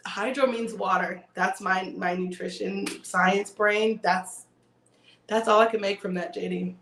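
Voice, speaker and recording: A woman's voice: mid-range voice, steady tone, slow pace, long pauses, a bit bright, a little hiss or hum. Woman, livestream host, casual chat, rambling and joking, echoey room.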